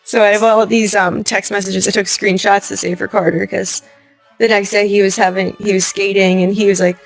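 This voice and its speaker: A young adult woman telling a personal story as an interview guest, acting out what people said to her with lively voices and laughing often. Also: mid-range voice, a little fast, vocal fry, soft background music. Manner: animated retelling, acting out quoted lines, laughing often.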